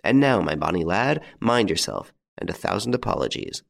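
Guy reading as a cocky gentleman thief, deep gravelly voice, teasing and theatrical, audiobook. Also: big pitch swings, normal speed, heavily acted. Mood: mocking. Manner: jaunty, taunting, theatrical. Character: bold mocking gentleman thief, adult man.

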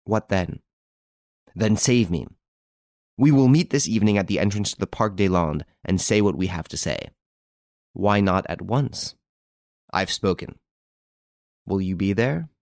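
A man with a very low voice reads a classic detective novel aloud. His delivery is even and measured, and the characters' lines get only a light touch. The recording is dry and close, with no room sound. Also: dry recording. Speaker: narrator. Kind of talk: scripted audiobook narration.

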